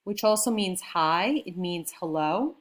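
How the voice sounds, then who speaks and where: A woman's voice: lowish voice, animated, unhurried. A woman teaching a beginner French class, explaining patiently and checking in often with her students. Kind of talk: classroom lesson.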